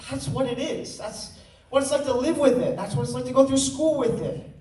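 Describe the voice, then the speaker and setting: A man's voice: very high voice, brisk, warm tone. A young man giving an earnest personal talk to an audience, telling stories with joking asides. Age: teens. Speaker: student speaker. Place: large hall with audience. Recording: roomy hall sound, mic at a distance.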